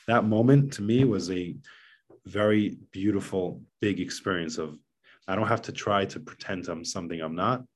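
A middle-aged man with a very low voice speaks earnestly in a relaxed podcast chat. He often restarts and repeats himself as he searches for words. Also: moderate pace, breathy edge. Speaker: guest, father of seven. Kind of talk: casual podcast conversation.

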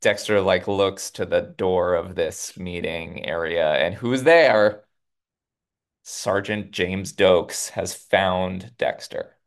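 A man co-hosting a podcast, a history teacher, retelling a TV episode in animated casual chat with laughs. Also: low-pitched, slow pace. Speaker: podcast co-host.

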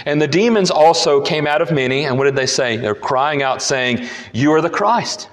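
Male pastor, emphatic sermon delivery with repeated key lines, slightly high voice, long hall reverb. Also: expressive, moderate pace. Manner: emphatic, repeats key phrases, rises and falls in pitch.

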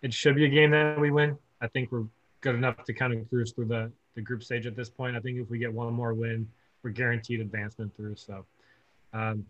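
A man co-hosting a casual football podcast, joking between quick asides. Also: mid-range voice, a bit bright, no room sound, highs cut off.

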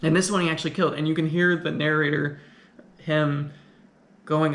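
Man, film recap, rambling, restarts often, slightly high pitch, roomy echo. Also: steady tone, moderate pace, creaky, fairly bright tone. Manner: conversational, rambling, with frequent restarts. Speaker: film reviewer. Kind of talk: casual film recap and commentary. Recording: echoey room.

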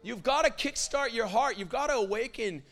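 A young man preaching with a high, bright voice. He speaks in a loose, conversational way, full of "like" and restarts, then rises into loud, fervent proclamations as he works himself up. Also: expressive, moderate pace. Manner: impassioned, builds to loud prophetic declarations with fillers like "like". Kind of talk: sermon.

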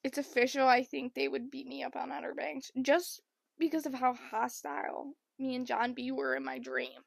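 Chatty young woman, bright and gravelly. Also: high-pitched, normal speed, no echo. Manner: chatty, rambling, animated impressions. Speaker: vlogger. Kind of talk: casual storytime vlog.

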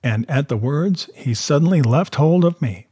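A man narrating a novel aloud in a steady, measured way. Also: on the high side, breathy edge, no echo, clean studio sound.

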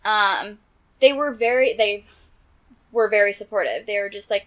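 A woman's voice: mid-range voice, moderate pace, long pauses. Chatty woman telling a personal story. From Nebraska, USA. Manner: chatty, heavy use of "like" fillers. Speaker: guest.

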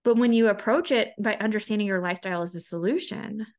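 A woman's voice: mid-range voice, fast, darkish tone. Earnest woman podcast host, coaching. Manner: earnest, conversational, with frequent restarts and quoted inner voices. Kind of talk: solo podcast monologue.

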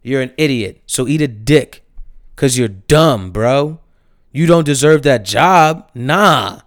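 A young man with a New Jersey accent, ranting in slangy, profane casual talk, swinging from low mutters to loud exasperated outbursts. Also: expressive, slow, dry recording, studio quality. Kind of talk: casual opinion rant.

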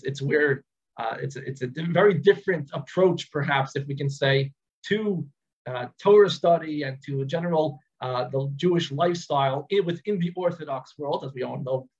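A man interviewing a guest, hesitant with many fillers and pauses. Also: fairly high pitch, highs cut off. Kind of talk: interview questions.

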